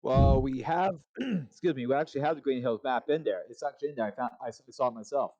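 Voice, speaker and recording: A man's voice: mid-range voice, fast talker, darkish tone, no echo. A man hosting a casual chat with friends, often restarting and repeating his phrases. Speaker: host. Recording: dull lo-fi call audio.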